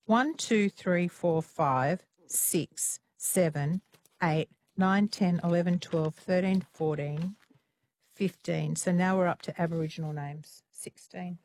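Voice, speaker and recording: A woman's voice: fairly low pitch, slow pace, a little mellow, a little hiss or hum. A woman, hosting a talkback quiz in a teasing, effusive way. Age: late 30s. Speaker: radio talkback host. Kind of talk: playful quiz banter with callers.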